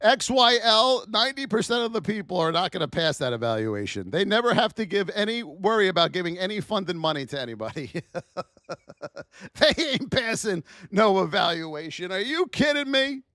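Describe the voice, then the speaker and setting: Hyped-up high-voiced man on a livestream. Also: big pitch swings, moderate pace, bright, forceful tone, dry recording, studio quality. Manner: high-energy, hype-driven, rhetorical questions to chat. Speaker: trading educator hosting a livestream. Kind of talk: live-stream trading lesson.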